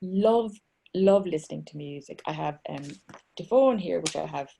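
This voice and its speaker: A woman's voice: lowish voice, animated, normal speed, vocal fry, mellow, husky. A middle-aged woman, chatting as an author guest over a video call from home, rambling and self-mocking with many restarts. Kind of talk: casual chat.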